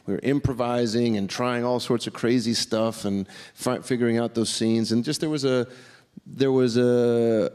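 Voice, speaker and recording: Halting man searching for words. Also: medium pitch, fairly even intonation, a little mellow. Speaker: actor on a press panel. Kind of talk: press conference answers.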